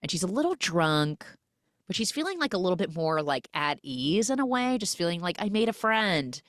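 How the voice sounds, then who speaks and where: A woman hosting a podcast, retelling a film's plot in a casual, animated way and acting out the characters' lines in quick quoted voices. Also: fairly low pitch, no room sound, clean studio sound. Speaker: podcast host recapping a film.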